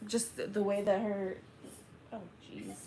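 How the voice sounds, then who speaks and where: A young woman hosting a casual livestream, reading chat aloud and chatting back in a slow, laid-back drawl. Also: mid-range voice, level tone, mellow, slight background noise.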